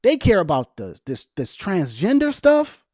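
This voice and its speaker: Animated young man arguing with his chat. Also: sits high, unhurried, no room sound, studio quality. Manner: animated, argumentative, talks straight to viewers. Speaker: political vlogger reading live chat. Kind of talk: casual livestream commentary.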